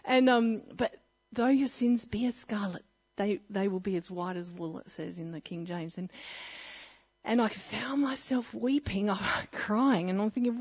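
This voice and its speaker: Woman, testimony speaker, fairly high husky voice, earnest with frequent laughs, dull lo-fi recording. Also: lively intonation, measured pace, a little mellow. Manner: earnest, laughs often, restarts mid-sentence. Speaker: church speaker sharing her testimony. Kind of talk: personal testimony talk.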